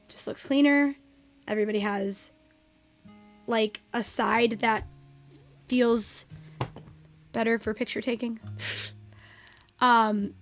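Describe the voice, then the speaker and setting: Faint guitar music accompanies this live stream, where a young woman teaches a game while casually talking with viewers and cursing at it. Her voice is a little high with a fairly bright tone.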